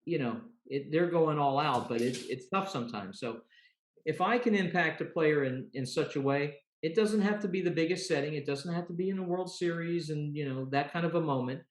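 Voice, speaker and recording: A man's voice: a little high, brisk. A man guest, an umpire, talking earnestly in a casual interview and often repeating words as he thinks. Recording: roomy echo.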